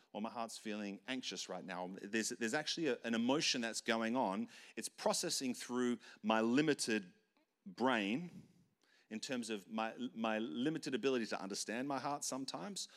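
A man's voice: mid-range voice, a bit bright. A young man giving a casual leadership lesson, talking conversationally and acting out short everyday dialogues. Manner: conversational, acts out little dialogues, many restarts. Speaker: leadership teacher. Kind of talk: casual teaching talk.

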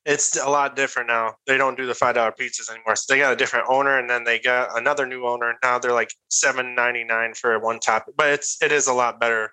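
A man's voice: medium pitch, fairly even intonation, quick pace, few pauses, sharp tone, clear, resonant tone, dry recording, low-quality recording. A man telling a rambling bar-fight story to friends in casual chat, acting out the quotes.

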